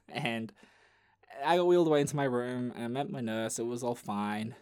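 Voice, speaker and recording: A man's voice: medium pitch, moderate pace, a little mellow, smooth. A young man hosts a podcast and tells stories in casual chat. He talks in a loose, profane, jokey way and often trips over and restarts his sentences. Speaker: podcast host.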